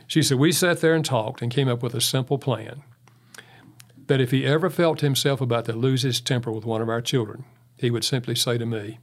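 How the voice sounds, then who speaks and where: A man's voice: mid-range voice, steady tone, a little fast. A man talking as a guest in an interview, giving advice on marriage with folksy stories and frequent chuckles. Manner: folksy storyteller who chuckles often. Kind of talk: interview talk with anecdotes.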